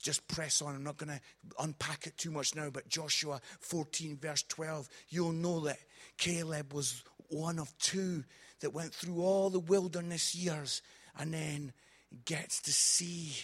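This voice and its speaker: A man preaching a sermon full of comic stories, moving from hushed reflection to shouting excitement. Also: on the high side, a little slow, breathy edge.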